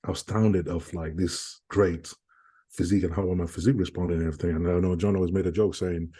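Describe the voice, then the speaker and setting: A man's voice: sits low, steady tone, fairly quick, mellow, husky. A young man, a guest in an interview, tells a personal story in an earnest, casual way and repeats phrases as he acts out what others said. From United Kingdom. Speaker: guest, professional bodybuilder.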